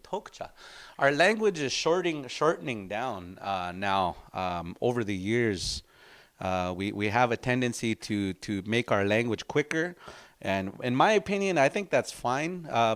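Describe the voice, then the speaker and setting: A man teaching an informal language class in an unhurried, reflective, storytelling way. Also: medium pitch.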